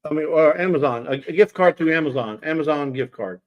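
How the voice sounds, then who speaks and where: A man's voice: fairly high pitch, a little fast, lo-fi sound. A man hosting a casual livestream, chatting and teasing his viewers by name. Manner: chatty, teasing, talks straight to chat viewers. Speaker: livestream host.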